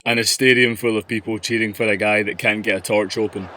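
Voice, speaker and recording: A man's voice: fairly low pitch, steady tone, fast, bright, forceful tone, a little hiss or hum. A Scottish man giving scripted, crude and sarcastic commentary on film and television. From Scotland. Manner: dry, crude, sarcastic delivery. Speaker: video essayist.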